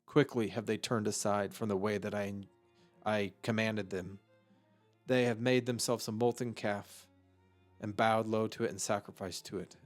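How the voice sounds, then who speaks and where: A man giving an unscripted vocabulary lesson, slow and halting, thinking aloud with many fillers. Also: on the low side, steady tone, soft background music. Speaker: Hebrew vocabulary teacher.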